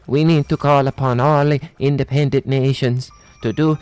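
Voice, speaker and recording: A man voicing Luigi as a pompous male president, in a halting, exaggerated cartoon-Italian put-on voice. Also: mid-range voice, steady tone, darkish tone, clean tone, no room sound, faint music behind, voice pushed up, natural voice.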